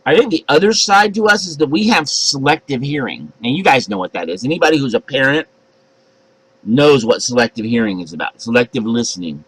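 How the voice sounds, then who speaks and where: An older man, a pastor, preaching a sermon in a chatty, animated way and acting out voices. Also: mid-range voice, a little fast, husky, low-quality recording. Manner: conversational, animated, acts out voices.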